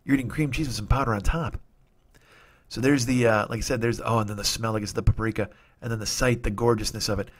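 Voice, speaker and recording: Profane rambling man in his forties. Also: fairly low pitch. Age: 40s. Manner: profane, rambling, nostalgic rants. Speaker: comedy podcast host. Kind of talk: rambling comic monologue.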